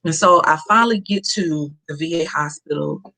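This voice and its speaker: A woman's voice: deep voice, normal speed, vocal fry, pushed and bright. A woman, a podcast guest telling a personal story in an earnest, emphatic way and repeating key phrases.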